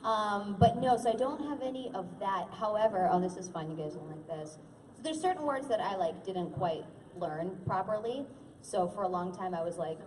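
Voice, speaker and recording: Young woman at a con panel, super animated and jokey, first language russian, sounds far off in a big echoey hall. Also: mid-range voice, moderate pace. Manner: bubbly, jokey, slips into silly voices. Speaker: panel guest. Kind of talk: convention panel chat.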